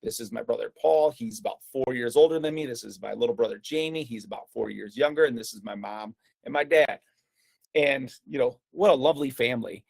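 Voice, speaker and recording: Man, fifties, gravelly, mid-pitched, conversational storytelling. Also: fairly quick. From United States. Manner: conversational, frequent fillers and restarts. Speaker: speaker presenting a talk. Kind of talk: personal storytelling talk.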